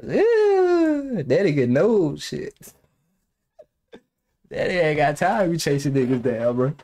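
A young man with a fairly high voice riffs through a reaction video, his pitch leaping all over the place. He talks loosely and profanely, laughing often and wandering into long personal stories. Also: unhurried. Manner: animated, profane, laughs often, rambling anecdotes. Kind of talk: casual reaction commentary.

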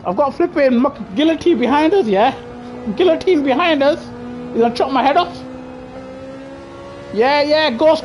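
A woman doing live racing gameplay commentary, excitable and trash-talking other drivers, bursting into shouts. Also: high voice, normal speed, faint music behind. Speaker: gaming streamer.

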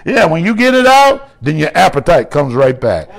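A middle-aged man preaching a sermon, animated, with shouted exclamations and slow, drawn-out scripture reading. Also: fairly high pitch, vocal fry. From United States. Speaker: bishop and pastor.

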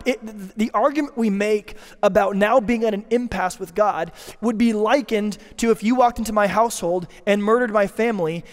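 A man preaching a sermon as pastor, emphatic, swinging between loud declarations and hushed lines. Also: high-pitched. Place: church sanctuary. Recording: church hall with long reverb.

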